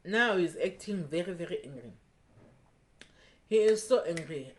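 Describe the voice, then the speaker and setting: A woman's voice: fairly low pitch, normal speed, pauses often. A young woman telling a personal story in a casual storytime vlog, acting out the dialogue as she goes. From South Africa. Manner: animated retelling, acting out quoted dialogue.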